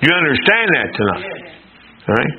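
An older man preaches with a high voice, checking his congregation with call-and-response questions. He swells into impassioned shouts. The sound is thin and phone-like. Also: very animated, moderate pace. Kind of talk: sermon. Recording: tinny phone-like recording.

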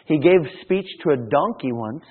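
A preacher, a man with a slightly high voice, delivers a sermon that swells in volume and circles back on his phrases. The sound is thin and tinny, like it's coming through a phone line. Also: animated, normal speed, breathy edge. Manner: preaching with sudden swells in volume and many restarts. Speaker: pastor.

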